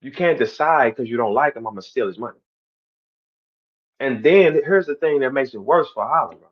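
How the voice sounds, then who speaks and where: A man speaking to his stream audience in a heated, animated monologue, repeating himself and swinging between loud outbursts and quiet asides. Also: medium pitch, normal speed, slightly rough, lo-fi sound. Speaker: battle rapper on a stream.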